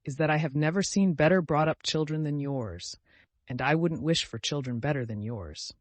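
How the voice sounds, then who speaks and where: A man's voice: on the high side, normal speed, no echo, natural voice. A man voicing a sincere young landowner in an audiobook, speaking in a reassuring, kindly way.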